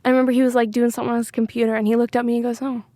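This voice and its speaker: As a singer-songwriter guest in an interview, a woman with a fairly high voice speaks candidly, rambling openly and leaning on filler words. Her delivery is flat, racing, and dark in tone. The recording is close and dry with no room echo.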